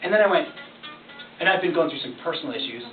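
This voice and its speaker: Animated high-voiced male coach, far and echoey. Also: quick pace, faint music behind. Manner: animated, candid storyteller. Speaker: performance coach. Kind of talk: coaching session. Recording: distant echoey room, phone-like tinny sound.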